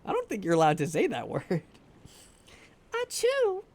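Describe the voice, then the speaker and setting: Lively joking man streaming a game. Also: a little high, fast talker, slightly rough. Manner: joking, self-deprecating, laughs often. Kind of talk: casual live-stream chat while gaming. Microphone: desk microphone.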